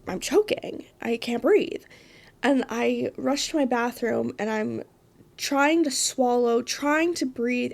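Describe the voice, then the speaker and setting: A woman hosting a solo podcast, telling a story in a dramatic, animated way with asides. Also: a little high, vocal fry. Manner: animated, dramatic retelling with frequent laughs and asides. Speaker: podcast host.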